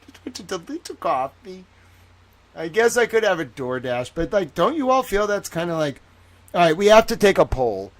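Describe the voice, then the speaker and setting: A man from Boston with a Boston accent, hosting a casual livestream chat in an excitable, rambling way, swearing freely. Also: high voice, moderate pace. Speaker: livestream host.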